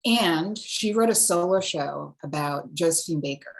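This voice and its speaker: A woman from Singapore, an actor, telling stories in a lively, casual interview. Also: deep voice, unhurried, vocal fry. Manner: animated storyteller, switches accents.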